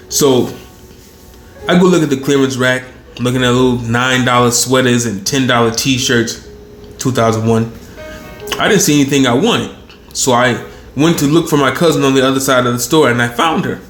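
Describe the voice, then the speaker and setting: A man in his thirties telling a long personal story in a rambling, profane, animated way. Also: mid-range voice, normal speed, pauses often, faint music behind. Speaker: channel host. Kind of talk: casual storytelling monologue. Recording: roomy echo.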